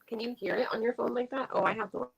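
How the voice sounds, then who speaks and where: A woman guest chatting casually on a live stream over a video call, quick to agree and chiming in often. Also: fairly high pitch, vocal fry, background noise.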